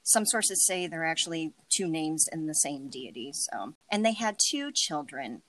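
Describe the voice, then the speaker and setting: A woman's voice: low voice, big pitch swings, unhurried, a bit bright, rough recording. A woman co-hosting a casual podcast, bubbly and giggly, tripping over hard names as she reads. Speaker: podcast co-host.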